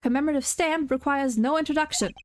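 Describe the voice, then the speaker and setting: A woman's voice: high voice, fast, no echo, studio quality, pitched above the performer's own voice, natural voice. Woman doing a young male defense attorney, earnest, fake German accent, video game read-through. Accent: put-on German. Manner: stumbling over game text while reading aloud. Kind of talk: reading game dialogue aloud.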